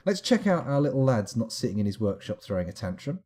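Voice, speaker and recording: A man giving live, rambling let's-play commentary, animated and self-mocking as he chats and wanders off on tangents. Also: medium pitch, quick pace, hardly any pauses. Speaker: streamer playing a management game.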